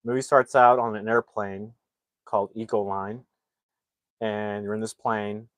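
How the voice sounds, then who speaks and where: A man's voice: lowish voice, flat delivery, measured pace, no echo. A man recapping a movie plot in a loose, rambling way and acting out the characters' lines as he goes. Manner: rambling, acts out character lines while retelling. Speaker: movie reviewer. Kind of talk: casual live-streamed movie recap.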